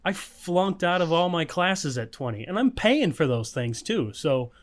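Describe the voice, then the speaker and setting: A man's voice: fairly high pitch, sing-song, a little slow. A man co-hosting a podcast in loose, casual chat. He rambles through the story with plenty of swearing and filler words, and laughs along the way. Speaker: podcast co-host.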